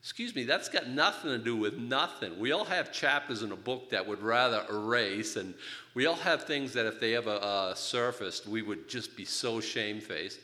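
An older man preaching a sermon, telling his own story in an animated, joking way. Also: medium pitch, normal speed. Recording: reverberant hall.

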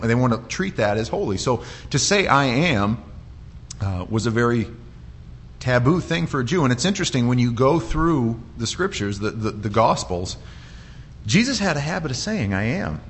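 A man preaching in a church in a relaxed, conversational way. He stumbles and restarts often and acts out the quoted lines. A faint low rumble sits under his mid-pitched voice. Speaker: pastor. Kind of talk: sermon.

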